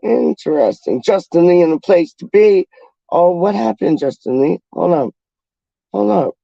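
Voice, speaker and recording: A man's voice: high-pitched, moderate pace, vocal fry, no room sound, lo-fi sound. A man from the UK hosting a casual livestream, reading out chat in a slangy, rambling, playful way. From United Kingdom.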